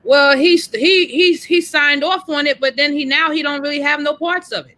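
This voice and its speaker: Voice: sits high, fairly even intonation, normal speed, sharp tone, poor audio. A panelist in a casual discussion, talking conversationally and often checking in with "you get what I'm saying?". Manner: conversational, explains with rhetorical checks.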